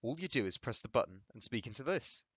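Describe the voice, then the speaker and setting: Man doing a calm, probing psychiatrist. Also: medium pitch, fast talker, slightly rough, no echo. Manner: gentle, questioning. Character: middle-aged male psychiatrist, calm and probing.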